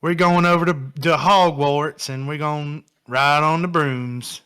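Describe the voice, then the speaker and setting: A man voicing a hearty Southern man in a put-on Southern US accent, loud and drawling. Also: a little high, steady tone, unhurried, clean tone, voice pushed up. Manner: loud drawling mock delivery.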